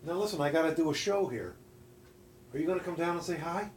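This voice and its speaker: A man's voice: a little high, quick pace. A middle-aged man hosting a woodworking channel, chatting casually and folksily to his viewers as he demonstrates in his home workshop, recorded on a phone. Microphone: phone camera. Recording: roomy workshop echo, faint noise.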